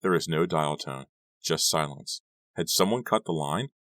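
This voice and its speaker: A man reading a novel aloud as an audiobook narrator in a steady, measured way. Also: very deep voice, no room sound. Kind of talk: scripted narration.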